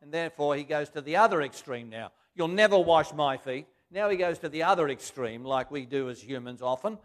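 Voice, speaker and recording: A man preaching a sermon, reading scripture aloud and then explaining it in plain everyday words. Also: fairly high pitch.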